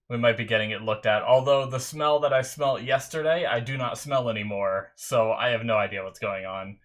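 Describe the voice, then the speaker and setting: A man's voice: lowish voice, fairly bright tone. A young man in his bedroom, chatting casually as an anime reaction host and rambling through a story with many restarts. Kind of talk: casual chat. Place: bedroom at home.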